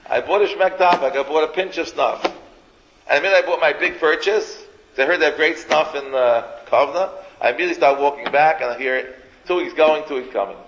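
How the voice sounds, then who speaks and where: A man playing a simple-minded young village man who talks in a plain, halting, matter-of-fact way, as part of a sermon story. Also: on the high side, fairly bright tone, a little hiss or hum, close to an everyday voice. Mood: earnest, simple. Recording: echoey hall, dull lo-fi sound.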